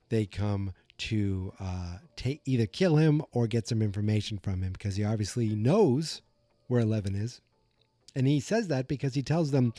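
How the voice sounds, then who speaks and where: A man's voice: mid-range voice, warm tone, dry recording. A man hosting a podcast, musing and rambling through a casual episode recap with many fillers, from a room at home. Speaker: podcast host. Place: room at home with the door open. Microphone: podcast mic.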